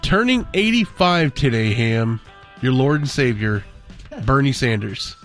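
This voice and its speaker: A man's voice: mid-range voice, expressive, unhurried, a bit bright, soft background music. A man hosting a sports radio show, reading listener messages and birthdays with jokes. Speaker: radio host.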